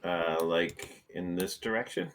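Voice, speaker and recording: Hesitant low-voiced man playing a tabletop game. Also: animated, slow, a little hiss or hum. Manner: hesitant, many ums and restarts. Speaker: player. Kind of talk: casual tabletop game play.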